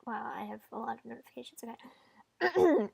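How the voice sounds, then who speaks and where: A giggly woman streamer chatting casually with viewers from home. Her voice sits fairly high, with quick, excitable delivery. The sound is close and dry. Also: creaky, breathy edge, no echo. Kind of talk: casual game stream chat.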